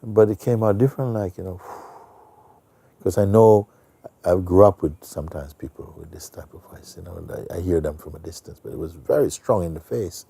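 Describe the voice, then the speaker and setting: A man who is a spiritual teacher, telling a story in a soft-spoken, relaxed way with many fillers. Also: sits low, normal speed, gravelly, breathy edge, no room sound. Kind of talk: storytelling talk.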